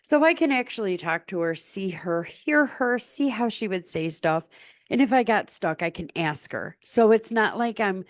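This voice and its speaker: A woman's voice: mid-range voice, expressive, moderate pace, dry recording, clean studio sound. A woman author being interviewed, chatty and self-deprecating, laughing often. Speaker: author guest. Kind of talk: casual interview chat.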